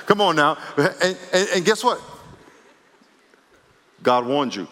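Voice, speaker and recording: Animated man preaching in a reverberant hall. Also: fairly high pitch, slow pace, long pauses. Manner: animated preaching with acted-out quotes and laughter. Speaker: pastor. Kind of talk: sermon. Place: church sanctuary.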